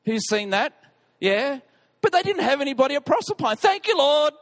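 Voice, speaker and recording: A man preaching as a pastor, telling a personal story in an animated, self-deprecating way. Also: extremely high pitch, normal speed.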